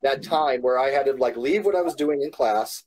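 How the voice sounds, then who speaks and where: A man's voice: medium pitch, normal speed, darkish tone, low-quality recording. A man talking earnestly in a casual chat, often repeating words as he starts his sentences. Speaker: YouTuber.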